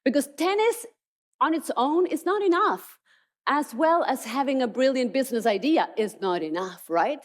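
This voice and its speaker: A woman's voice: high voice, animated, moderate pace. Emphatic woman giving a keynote. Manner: storytelling, emphatic. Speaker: keynote speaker. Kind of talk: motivational keynote. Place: conference stage.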